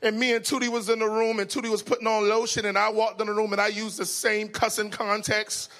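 High-pitched guy preaching, folksy and funny, laughing, going loud then real quiet, sharp bright voice. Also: fairly quick. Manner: animated, laughs often, swings between shouting and hushed asides. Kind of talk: humorous storytelling sermon.

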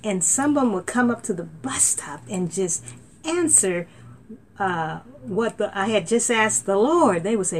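A middle-aged woman minister preaching a sermon with fervent, animated delivery, often saying amen, recorded on a laptop. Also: mid-range voice, measured pace, a little hiss or hum. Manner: fervent, animated, frequent amens. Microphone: laptop mic.

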